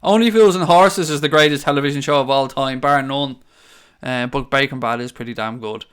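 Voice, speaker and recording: A man's voice: mid-range voice, a little fast, a bit bright, smooth. A young man hosting a fan stream, reading the live chat aloud and answering viewers in a chatty, sweary way. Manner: chatty, swears freely, calls viewers mate.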